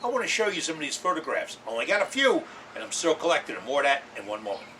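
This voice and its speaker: A man hosts a woodturning lesson, his voice bright and fairly high, swinging widely in pitch. He hammers home points by repeating them and drops in jokey asides. He sits some way back from the mic, with a faint hiss of room ambience behind him. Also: big pitch swings, fast talker, distant mic. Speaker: woodturning show host. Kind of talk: folksy instructional talk to camera.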